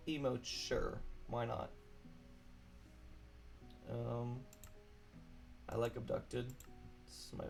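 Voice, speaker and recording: Man, game streamer, vocal fry, mid pitch, apologetic, rambling, casual chat. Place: alone in a room at a computer.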